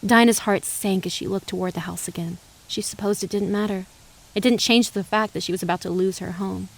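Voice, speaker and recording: A woman giving measured, dramatic audiobook narration of a western novel. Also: mid-range voice, steady tone, gravelly. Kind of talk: scripted narration.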